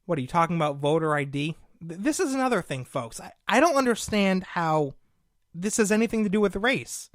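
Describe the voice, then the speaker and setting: A man's voice: high-pitched, lively intonation, a little fast, no echo, clean studio sound. Indignant man hosting talk radio. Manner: combative, indignant, sarcastic, addresses listeners as folks. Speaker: political talk show host. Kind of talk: opinionated political commentary.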